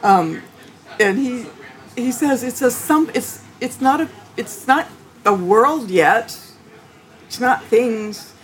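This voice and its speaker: A woman theologian answering interview questions in a thoughtful, halting way, with frequent restarts and light laughter. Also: fairly high pitch, lively intonation, a little hiss or hum. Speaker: theologian guest.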